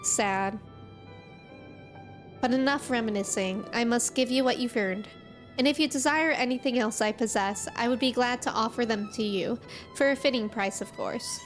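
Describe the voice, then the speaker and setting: A woman reading game dialogue aloud as a wistful old merchant, in a measured storybook manner. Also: on the high side, faint music behind, natural voice.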